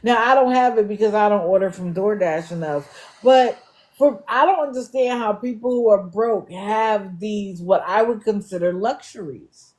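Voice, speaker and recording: A woman's voice: medium pitch, normal speed, darkish tone. A woman hosting a live stream, talking bluntly and with exasperation to her viewers. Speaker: livestream host. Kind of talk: casual commentary. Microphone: live stream setup.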